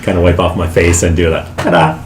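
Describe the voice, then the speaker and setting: Easygoing lower-voiced male player; roomy, slightly hissy recording. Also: level tone, fairly quick. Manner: easygoing, playful, drifts into character. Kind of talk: tabletop role-play, casual chat. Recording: echoey room, faint hiss.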